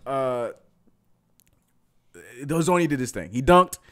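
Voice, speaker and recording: Excitable man riffing on basketball. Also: medium pitch, slow. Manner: animated, excitable, repeats himself. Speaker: podcast co-host. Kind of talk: casual sports chat.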